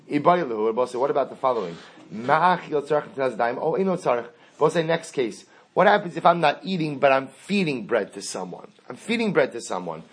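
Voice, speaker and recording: Guy teaching talmud, reads the text out then explains it, bit husky. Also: a little high. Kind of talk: Talmud lesson.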